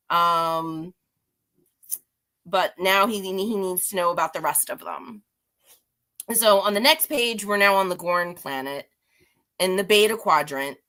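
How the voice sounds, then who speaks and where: A woman's voice: medium pitch, pushed and bright. A woman giving a casual, rambling comic-book recap, chatty and self-deprecating with frequent restarts. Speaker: guest reviewer.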